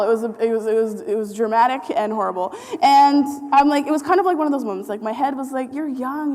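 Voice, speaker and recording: A woman in her thirties giving a talk, telling a story in an animated way, acting out quotes and laughing often. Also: high-pitched. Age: 30s. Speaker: speaker. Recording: hall reverb.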